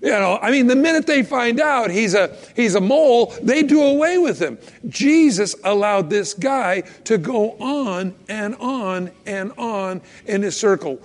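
A man preaching a sermon in a casual, animated way, acting out little scenes and quotes as he goes. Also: sits high, unhurried, hardly any pauses. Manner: animated, conversational, acts out quotes. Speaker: pastor. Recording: long hall reverb.

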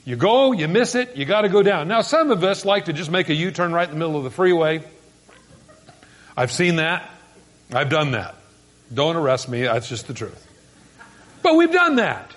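Male pastor, folksy sermon delivery, high voice, very animated pitch. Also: moderate pace, pauses often. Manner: folksy, conversational preaching with asides and small jokes; animated, swings between quiet and emphatic.

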